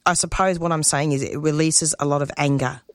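A woman's voice: low voice, fairly even intonation, a little fast, dry recording, studio quality. A woman giving a passionate radio interview as a guest, talking in bursts and restarting her sentences. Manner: impassioned, speaks in bursts with restarts.

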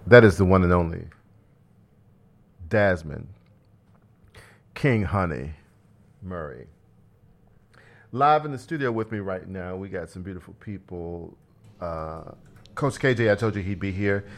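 A man's voice: low-pitched, expressive, unhurried, long pauses. A man hosting a jazz radio show from the studio, chatting playfully and laughing a lot. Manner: laughs often, playful and rambling. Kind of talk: casual on-air chat.

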